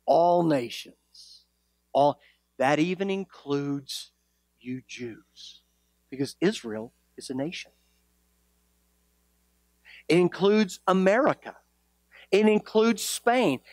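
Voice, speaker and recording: A male pastor preaching a sermon, animated and teasing, full of rhetorical questions. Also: on the high side, takes it slowly, long pauses, no echo, clean studio sound.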